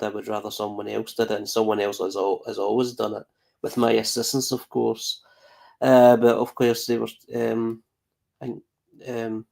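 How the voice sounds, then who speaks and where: A man's voice: lowish voice, creaky, a little mellow. A man on a live podcast panel, talking casually and rambling with many fillers and restarts.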